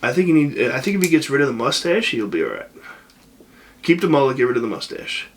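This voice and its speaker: A man's voice: mid-range voice, big pitch swings, fast talker, slight background noise. Joking man in podcast banter. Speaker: podcast co-host. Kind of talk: casual chat.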